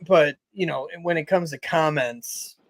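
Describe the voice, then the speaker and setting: A man's voice: fairly high pitch, a little slow, rough recording. A man in a casual podcast chat, speaking hesitantly with many fillers.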